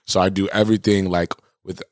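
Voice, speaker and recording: A man's voice: low-pitched, flat delivery, brisk, dry recording, studio quality. A young man in casual chat, laid back and laughing as he recalls an old job.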